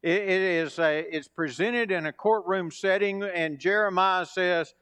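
A man's voice: high voice, measured pace, hardly any pauses, fairly bright tone, smooth. A man preaching a sermon, quoting scripture and building emphasis on his points.

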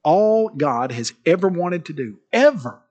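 A man preaching a sermon, telling an illustrative story and reading scripture, animated and dropping to hushed tones. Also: fairly high pitch, measured pace, lo-fi sound.

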